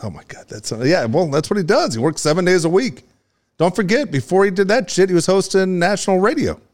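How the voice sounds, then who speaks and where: A man co-hosting a sports talk show, trading quick, wisecracking banter. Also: high voice, animated. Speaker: sports radio co-host. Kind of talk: casual chat.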